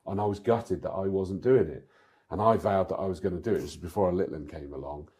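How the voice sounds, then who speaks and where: Brief: male podcast host, very low and husky, easygoing chat. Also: fast. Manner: relaxed, chatty, laughs often. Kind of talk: casual chat.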